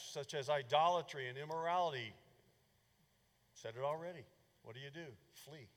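A male pastor delivers a fervent sermon with a slightly high voice. His delivery swings from loud, pressing bursts to hushed asides. The sound carries a long reverb, as from a large church sanctuary.

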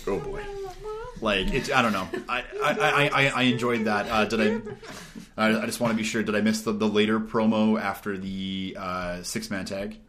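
A man co-hosting a podcast who talks in a halting way, repeating words and restarting often. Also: fairly low pitch, fairly even intonation, fairly bright tone. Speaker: podcast co-host. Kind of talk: casual chat.

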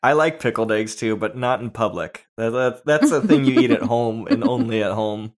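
A man's voice: medium pitch, normal speed. Man hosting a casual movie chat. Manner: laughs often, animated storytelling. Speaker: podcast host.

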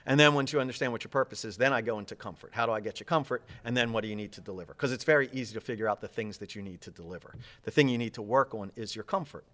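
An energetic man speaking quickly in an interview, lively and animated as he repeats himself and piles on examples. His voice sits in a middle pitch range. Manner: enthusiastic, fast, animated, repeats words. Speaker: public speaking coach.

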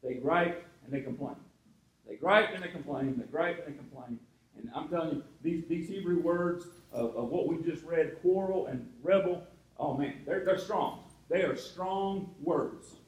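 Male pastor, high voice, chatty sermon with asides, roomy echo. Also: normal speed. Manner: conversational preaching with asides to the congregation.

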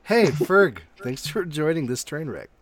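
A man hosting a casual podcast chat, animated and laughing a lot. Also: a little high, measured pace, slight background noise. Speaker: podcast host.

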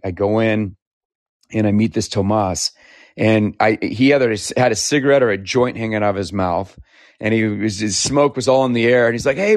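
A man from Idaho, talkative and animated, telling his story in a casual interview and laughing often. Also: medium pitch, no room sound. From Idaho, United States. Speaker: interviewee, founder. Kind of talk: conversational storytelling.

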